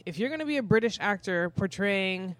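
A co-host in a casual chat, telling a story in an animated way with emphatic asides. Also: mid-range voice, a little fast. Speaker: podcast co-host.

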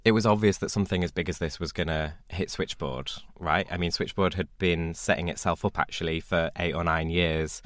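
Deep voiced guy presenting a documentary, measured and chatty, dry close sound. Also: steady tone, a bit bright, dry recording. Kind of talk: documentary narration.

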